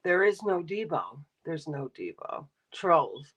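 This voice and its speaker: A woman's voice: low-pitched, very animated, takes it slowly, fairly bright tone, slightly rough, poor audio. A middle-aged woman streaming live, ranting bluntly and sarcastically while talking to her chat. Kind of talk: casual livestream rant.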